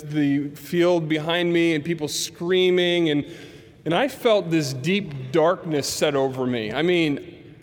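A male pastor preaches a sermon, telling a story and acting out the voices of the people in it. His voice sits slightly high for a man. A long reverb from the large hall hangs behind every phrase. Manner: animated storyteller acting out quotes.

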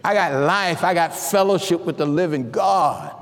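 High-voiced preacher in echoing hall. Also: male voice, normal speed, slight background noise. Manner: dramatic swings from hushed asides to shouted declarations, many repeated restarts. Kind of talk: sermon with personal testimony. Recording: long hall reverb.

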